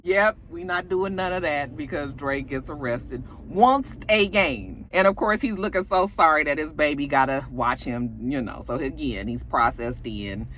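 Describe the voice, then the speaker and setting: A woman casually recapping a TV episode in an animated, profane, joking manner. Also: fairly low pitch, moderate pace. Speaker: TV show reviewer.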